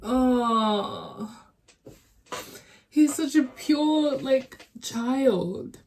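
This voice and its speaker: A woman's voice: sits high, very slow, a little mellow, a little hiss or hum. A young woman hosting a movie reaction, chatting with emotion and a lot of filler words. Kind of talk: casual reaction commentary.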